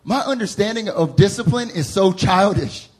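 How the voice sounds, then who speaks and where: At a church service, a young man from the American South preaches to the congregation with a Southern US accent. His voice is high and husky at a normal speed, and he tells stories with lively laughter, acting out the characters' voices.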